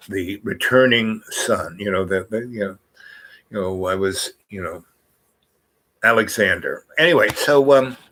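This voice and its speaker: Male vlogger, mid-pitched, loose storyteller who wanders and restarts his sentences, heavy on "you know" and "like". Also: a bit bright, rough recording. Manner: meandering, many fillers and restarts. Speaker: vlog host. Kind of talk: rambling personal storytelling.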